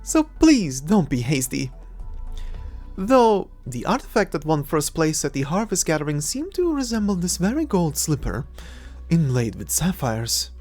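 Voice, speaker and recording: A cocky young adventurer-thief, voiced by a woman with a lowish voice that swings widely as she teases and mocks. Her playful, mocking delivery fits a fan-made audio drama, with faint music underneath. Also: very animated, measured pace, darkish tone, heavily acted. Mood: teasing. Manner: playful, mocking, laughs often.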